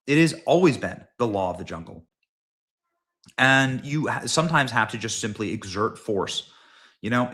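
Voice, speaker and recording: A man hosting a live political commentary stream from home, talking in a fired-up, emphatic way with sudden loud, high outbursts.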